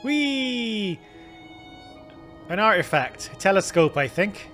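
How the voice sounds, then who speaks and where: Male let's play host, chatty and self-deprecating, middle pitch, soft music under. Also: lively intonation, moderate pace. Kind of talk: gameplay commentary.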